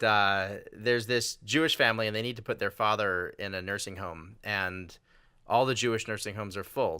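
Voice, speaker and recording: A man's voice: fairly low pitch, pushed and bright, smooth, dry recording, clean studio sound. A man hosting a podcast, chatting casually, laughing often and telling jokes. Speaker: podcast host. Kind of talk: casual conversation.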